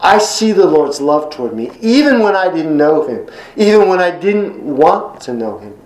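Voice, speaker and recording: A middle-aged man preaching a sermon in an earnest, emphatic way, slowing down and repeating words when quoting scripture. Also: fairly high pitch, big pitch swings, a little mellow, reverberant, low-quality recording. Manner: earnest, emphatic repetitions, slows for scripture quotes. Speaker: pastor.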